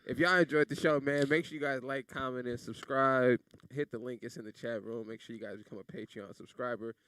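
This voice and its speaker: A man's voice: medium pitch, steady tone, fairly quick, fairly bright tone. A man hosting a podcast, laid-back and joking, plugging the show. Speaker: podcast host. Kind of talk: casual podcast chat.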